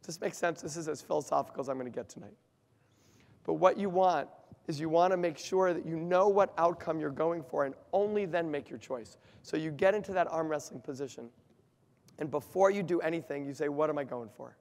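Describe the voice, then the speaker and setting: A man's voice: on the high side, fairly quick. A man giving an interactive workshop talk, quizzing his audience and explaining in an emphatic way. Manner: asks the audience questions, lively and emphatic. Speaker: workshop speaker. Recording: long reverb of a hall.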